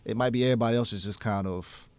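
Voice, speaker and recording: A man's voice: fairly low pitch, racing, darkish tone, no room sound. A man in his thirties, a jazz pianist and teacher, telling stories in a casual radio studio interview and acting out his own past conversations.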